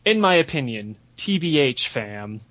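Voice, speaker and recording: A man hosting a podcast, telling crude, excitable stories in casual talk and laughing as he goes. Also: medium pitch, measured pace, muffled recording. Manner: crude, excitable, laughs through his story. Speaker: podcast host. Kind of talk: casual comedic storytelling.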